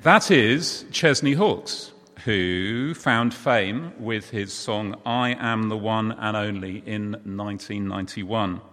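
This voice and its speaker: A man's voice: on the low side, slow, few pauses, fairly bright tone, big-room sound. A man preaching in a chatty way, talking with the congregation. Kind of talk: sermon.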